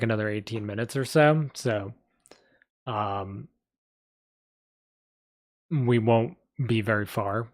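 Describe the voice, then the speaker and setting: A young man casually chatting on a live stream, rambling with lots of fillers. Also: fairly low pitch. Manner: rambling, filler-heavy, laughs often. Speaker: streamer reading a story live.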